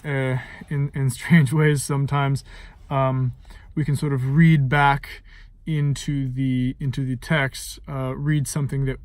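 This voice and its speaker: A man's voice: mid-range voice, darkish tone, dry recording. A man giving an informal lesson on setting text to music, thinking aloud with many fillers and singing short phrases to illustrate. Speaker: music teacher and composer.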